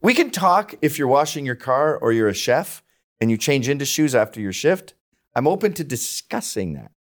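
A man's voice: mid-range voice, moderate pace. A man guesting on a podcast, telling mocking, profane stories in a casual chat. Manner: animated, mocking storyteller with profanity.

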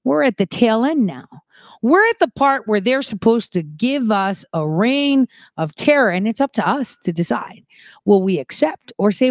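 Woman commentator, animated casual monologue, mid-pitched, close and dry. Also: dry recording. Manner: animated, quick shifts from soft asides to emphatic rises. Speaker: online commentator.

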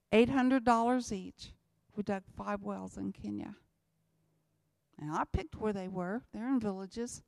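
Woman, church testimony speaker, emphatic and repetitive, slightly high, dry mic. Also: no echo. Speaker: missionary speaker.

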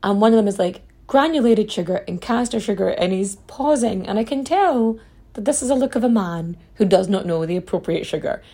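A woman tells history stories on her podcast in a loose, chatty way. She wanders into personal asides and swears casually. Her voice is gravelly and a little husky, with a dark, mellow tone. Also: mid-range voice, animated, a little fast. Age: adult mother. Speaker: podcast host.

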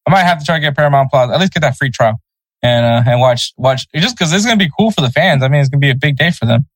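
A man co-hosting a sports podcast in a loose, chatty way, often laughing at his own stumbles over names. His voice sits at an ordinary middle pitch. The sound is dry and close, with no room around it. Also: lively intonation, fast talker, no echo, low-quality recording. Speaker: podcast co-host. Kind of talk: casual sports podcast chat.

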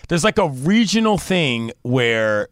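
A man co-hosting a sports radio show, chatty and quick with asides, laughing often. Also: a little high, very animated, no room sound, studio quality. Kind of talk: casual sports radio chat.

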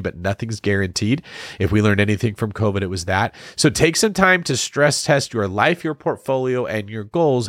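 An animated male podcast host whose pitch swings widely as he talks. He sounds energetic and playful, recorded close on a dry studio mic. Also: dry recording. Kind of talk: lively podcast chat.

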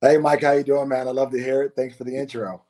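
Mellow-voiced man, casual podcast guest. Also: mid-range voice, fast. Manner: relaxed, repeats words while thinking. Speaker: guest, former college basketball player. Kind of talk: casual interview.

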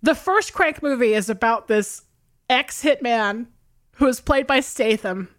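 A woman co-hosting a podcast in casual, animated chat, laughing often and swearing freely as she recaps a film. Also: on the high side, unhurried. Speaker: podcast co-host. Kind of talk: casual movie-discussion chat.

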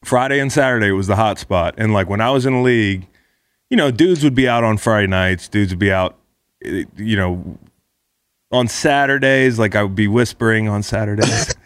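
A man hosting an interview, a former player himself, asking questions in a relaxed conversational way. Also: fairly low pitch, moderate pace. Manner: relaxed, conversational, brief affirmations. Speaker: podcast host, former player.

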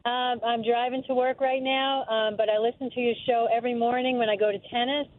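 A woman's voice: on the high side, little pitch movement, brisk, no room sound. Gushing female caller on a tinny phone line. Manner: friendly, gushing fan. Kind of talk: phone call to a radio show. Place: in a car while driving.

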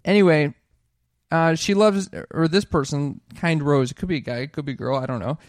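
A man's voice: a little high, brisk, no echo, studio quality. A young man co-hosting a comedy podcast with his mother, upbeat and often stumbling over his words. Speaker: podcast co-host. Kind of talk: casual chat.

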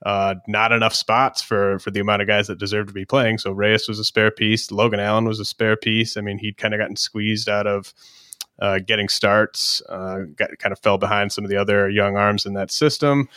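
A married man hosting a podcast, talking in a measured, casual way as he works through a topic. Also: fairly low pitch, little pitch movement, bright, forceful tone, smooth, no room sound, clean studio sound. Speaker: podcast host. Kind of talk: casual chat.

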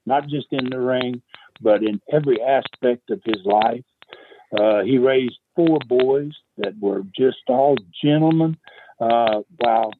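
Speaking slowly in a mid-range voice, an older man reminisces about the wrestling era during a phone interview, wandering from story to story with many fillers and chuckles. He's a veteran promoter appearing as a guest, and a bit of background noise comes through the tinny line.

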